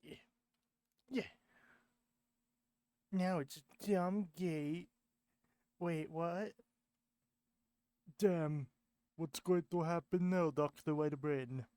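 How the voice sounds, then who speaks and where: A man's voice: fairly high pitch, drawn-out words, long pauses, dark tone, clean tone, dry recording. A man voicing a sulky, complaining male creature from space in a fan animation. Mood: grumbling.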